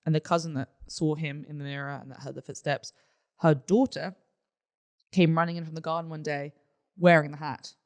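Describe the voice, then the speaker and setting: Young male co-host, higher-pitched voice, chatty listener and anecdote-teller. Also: little pitch movement, fairly quick. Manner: chatty, reacts with short "mm-hmm"s, tells family anecdotes with restarts. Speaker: podcast co-host. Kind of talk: casual conversation.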